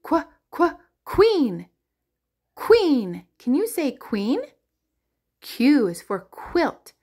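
A woman teaching the alphabet to toddlers in a slow, sing-song, exaggerated way. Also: high-pitched, big pitch swings, dark tone. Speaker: children's teacher.

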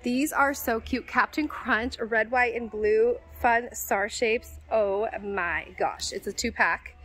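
A woman's voice: a little high, slow, a bit bright, faint music behind, rough recording. Gushing woman vlogging a store walk-through. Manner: gushing, chatty, addresses viewers as "you guys". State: out of breath. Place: large warehouse store.

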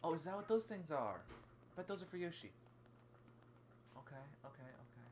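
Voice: mid-range voice, animated, normal speed, noisy background. A gamer chatting casually at home while playing a video game, rambling and playful, now and then slipping into silly sing-song bits. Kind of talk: casual let's-play commentary. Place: home, sitting on the floor by the TV.

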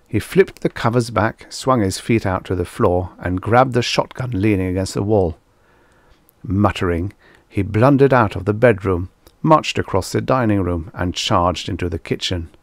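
A man reading vintage science fiction stories aloud as an audiobook narrator, in a steady, measured way. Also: fairly low pitch, no echo.

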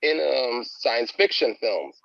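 A man chats casually in halting stretches, stopping and restarting with plenty of fillers. The recording is dull and lo-fi, and he sits at an ordinary middle pitch. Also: animated, creaky. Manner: halting, many restarts and fillers, laughs at own jokes. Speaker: guest. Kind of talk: casual chat. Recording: dull lo-fi sound.

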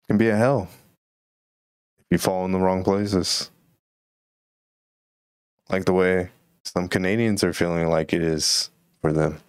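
A man's voice: low-pitched, steady tone, unhurried, long pauses, clear, resonant tone, no echo, clean studio sound. A man hosting a solo podcast, musing and rambling casually about current events. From Texas. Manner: rambling, musing, laid-back. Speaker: podcast host.

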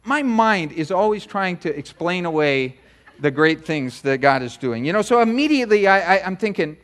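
A middle-aged man preaching a sermon, telling a personal story in a chatty, animated way with many asides. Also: high-pitched, moderate pace. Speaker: pastor. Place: church sanctuary.

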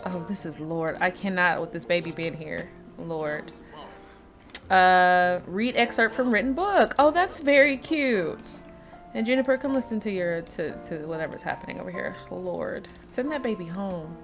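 A woman with a fairly low voice gives loose gameplay commentary, thinking out loud as she plays. She keeps chatting straight to the characters on screen. Clear music plays behind her. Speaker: let's-play host.

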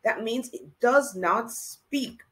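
Her voice is a little high with a fairly bright tone, and the recording quality is low. Teaching a child to read, she talks to them directly in a slow, sing-song, encouraging way as she spells and counts.

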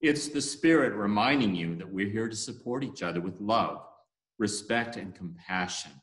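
A man voicing a gentle, soothing spirit in a storybook tale, in an echoey room. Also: fairly low pitch, lively intonation, moderate pace, voice pushed down. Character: gentle guiding spirit, calm and low.

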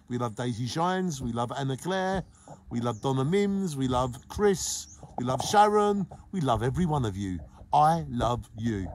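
A middle-aged man from England hosting a live stream, greeting viewers by name in an exuberant, sing-song way that swings between loud and hushed. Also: on the high side, slight background noise. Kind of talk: casual live-stream chat, reading comments.

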